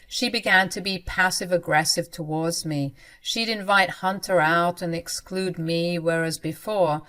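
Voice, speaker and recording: A woman narrating a first-person story in an earnest, expressive way. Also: fairly low pitch.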